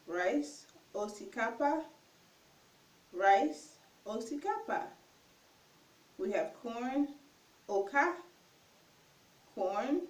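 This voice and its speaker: A woman teaching a casual vocabulary lesson, repeating each word slowly and carefully, and unsure of a few pronunciations. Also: a little high. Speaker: language tutor. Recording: echoey room, far from mic.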